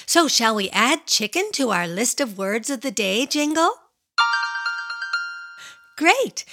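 A woman's voice: fairly high pitch, gravelly, pushed and bright. A woman hosting a children's radio show, cheerful and asking her young listeners questions. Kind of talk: upbeat kids' radio hosting.

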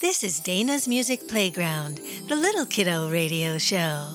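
A woman's voice: fairly low pitch, very animated, measured pace, soft background music. A woman hosting a children's radio show, playful and silly as she asks young listeners questions in a sing-song way.

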